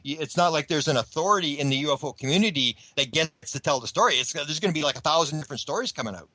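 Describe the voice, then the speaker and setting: A man's voice: a little high, animated, very fast, pushed and bright, no echo, poor audio. A man being interviewed on a radio show, talking at length in a rambling way with many restarts. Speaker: guest researcher.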